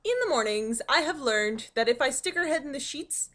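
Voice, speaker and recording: A woman's voice: high-pitched, expressive, moderate pace, fairly bright tone. A young woman vlogging from her dining room at home, telling rambling stories full of ums and likes. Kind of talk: casual storytelling vlog.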